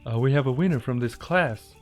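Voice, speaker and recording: A man's voice: mid-range voice, fairly quick, faint music behind, voice pushed up, natural voice. A man briefly voicing a schoolteacher in a story, in a slightly raised, matter-of-fact tone. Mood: announcing. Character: brisk adult schoolteacher calling out a winner.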